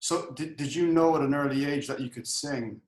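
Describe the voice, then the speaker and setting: A man's voice: medium pitch, moderate pace. A man hosting a podcast interview, mostly giving short affirmations and stumbling over restarts when he asks questions. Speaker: podcast host. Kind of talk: casual interview chat. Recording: roomy echo.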